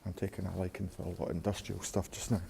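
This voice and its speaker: A man's voice: low voice, level tone, fast talker, gravelly, mellow, a little hiss or hum. A man vlogging a casual walking tour outdoors, slightly out of breath and talking to his viewers. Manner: casual, rambling, talks to viewers as guys. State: a bit out of breath. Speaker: urban explorer vlogger. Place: outdoors at an abandoned brickworks.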